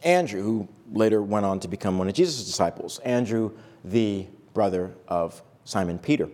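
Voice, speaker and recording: A man's voice: high voice, darkish tone. A male pastor giving a conversational sermon in church, acting out quoted lines with humor. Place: church sanctuary.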